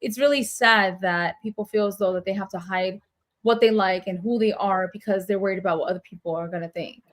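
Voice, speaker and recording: A woman's voice: mid-range voice, brisk, a bit bright. A woman co-hosting a casual talk podcast, chatty and prone to sarcastic asides. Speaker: podcast co-host. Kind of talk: casual chat.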